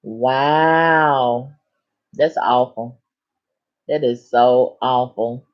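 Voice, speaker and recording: A woman hosts a chatty live stream, reading out what viewers write and replying with sass and big, animated swings in pitch. The audio is very slow and dull.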